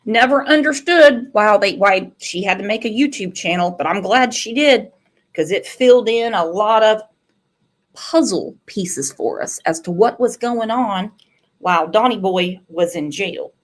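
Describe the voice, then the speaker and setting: A woman's voice: mid-range voice, animated, measured pace. A woman, a true crime commentator telling sarcastic, profane stories in casual chat. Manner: salty, sarcastic storytelling with swearing.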